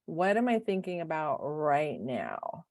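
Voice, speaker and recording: A middle-aged woman who is a life coach and podcast co-host, talking in an emotional, expressive, rambling way. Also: deep voice, takes it slowly, dry recording, studio quality. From United States. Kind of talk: casual podcast chat.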